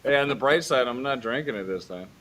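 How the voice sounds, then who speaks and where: A man's voice: mid-range voice, animated, fast talker, a bit bright, slight background noise. A man joining a casual chat as a guest, teasing the host.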